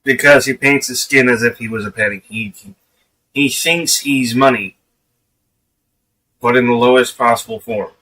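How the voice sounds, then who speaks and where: A man's voice: medium pitch, fairly even intonation, moderate pace, long pauses, pushed and bright, poor audio. A man live streaming his reactions to a clip, talking bluntly and scornfully, with profanity. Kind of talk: casual reaction commentary.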